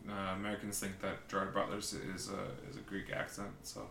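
A man's voice: sits low, completely flat delivery, a little fast, gravelly, sharp tone. A man chatting casually as a podcast co-host, teasing and arguing back. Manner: teasing, argumentative. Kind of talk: casual chat. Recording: echoey room with faint noise.

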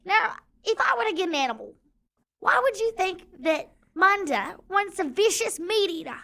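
A woman voicing a big, strong male sailor who is gruff but sensitive, melodramatic and swinging between indignant shouting and tearful mumbling. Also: extremely high pitch, big pitch swings, normal speed, voice pushed up, full character voice.

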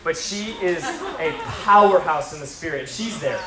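A man with a high, bright-sounding voice tells a story in sermon form. He is animated and his energy climbs toward shouting. The sound echoes around the room. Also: normal speed, crowd noise. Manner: animated, rising to excited. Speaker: preacher.

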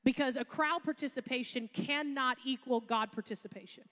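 Woman pastor, higher voice, casual storytelling sermon, long hall reverb. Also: moderate pace, a bit bright. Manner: chatty storytelling with laughs and asides.

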